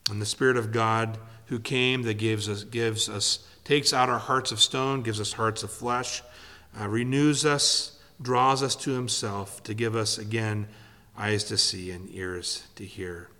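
Bright-voiced man preaching in a hall. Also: lowish voice, steady tone, unhurried. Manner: earnest, fillers and restarts, stresses key words. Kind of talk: sermon.

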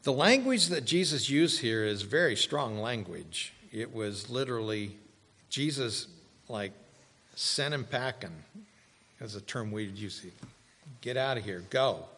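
A man preaching a sermon as a pastor, slow and deliberate, with dramatic pauses and rising emphasis. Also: medium pitch, animated, sharp tone, breathy edge. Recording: long hall reverb.

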